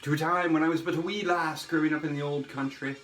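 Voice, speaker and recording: A man voicing an eccentric, melodramatic older woman who rambles theatrically, swinging between loud outbursts and hushed asides. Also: a little high, fairly even intonation, quick pace, natural voice. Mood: rambling. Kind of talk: comic character monologue. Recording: roomy echo with faint music.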